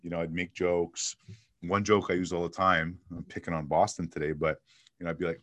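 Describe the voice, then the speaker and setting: Deep-voiced man telling sales stories. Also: a little fast, no room sound. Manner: energetic storyteller, acts out dialogue. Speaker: sales trainer and guest. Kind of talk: casual interview talk.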